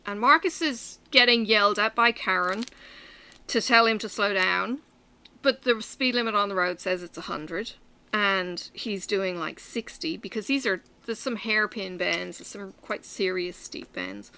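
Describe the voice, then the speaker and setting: Chatty bright-voiced woman. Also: mid-range voice, unhurried, clean tone. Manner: chatty storytelling with many fillers. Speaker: vlogger. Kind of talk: casual chat while stitching.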